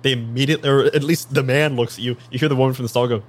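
A man running a tabletop game as game master, narrating scenes in a relaxed way with occasional fillers. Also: medium pitch, rapid-fire.

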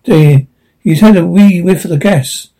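A man's voice: sits high, normal speed, warm tone, breathy edge, poor audio. A man reading a bold young Scottish lad. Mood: determined.

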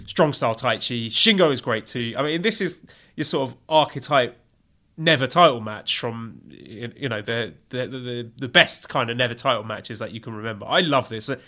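A man with a bright, mid-pitched voice, co-hosting a casual review podcast. He leads the rundown and talks with eager enthusiasm. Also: moderate pace. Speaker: wrestling podcast co-host.

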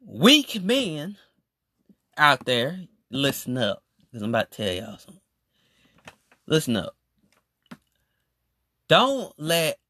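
A podcast host giving a solo rant in an emphatic, animated, slangy way, repeating phrases for emphasis. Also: medium pitch, dry recording, studio quality.

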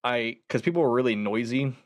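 A man's voice: medium pitch, fairly quick, no room sound. A young man guesting on a podcast, telling a ghost-hunting story in casual chat, acting out quoted voices and laughing often.

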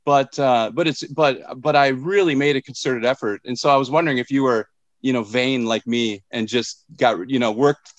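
Man, 40s, from Minnesota, casual podcast co-host, middle pitch, halting delivery, dry recording. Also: no echo, muffled recording. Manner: halting, restarts often, curious questioning.

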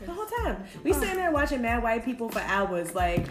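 A young woman in her twenties hosts a loose, casual chat. She talks in slang and laughs through her stories, her voice fairly high and swinging widely in pitch. The room rings with echo, and loud music plays behind her. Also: a little fast. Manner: slangy, laughs often, animated storytelling. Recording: echoey room with music underneath.

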